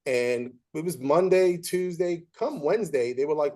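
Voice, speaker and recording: Brief: male host, slightly high voice, animated storyteller, casual. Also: normal speed. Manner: animated storyteller who acts out quoted voices. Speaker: podcast host.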